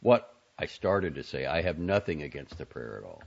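A man's voice: rumbling low, sing-song, moderate pace, gravelly, darkish tone, full character voice. A man voicing a glib, outspoken young man in an audiobook reading, wry and sardonic. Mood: earnest. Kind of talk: audiobook character voice. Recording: dull lo-fi audio.

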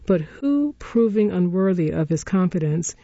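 Mellow, low female audiobook narrator. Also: expressive, normal speed, no room sound. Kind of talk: scripted narration. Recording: dull lo-fi recording.

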